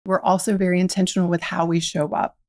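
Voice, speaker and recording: A woman's voice: fairly low pitch, flat delivery, quick pace, a little mellow, dry recording, studio quality. A woman from the South, speaking, tells her story reflectively as a guest in a podcast interview. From American South. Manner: reflective, uses quoted inner dialogue.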